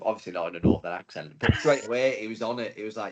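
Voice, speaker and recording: A man's voice: fairly low pitch, racing, few pauses, dull audio. A man, a guest on a podcast, laughing easily and tripping over his words. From north-west England. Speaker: podcast guest, marathon runner. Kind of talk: casual podcast chat.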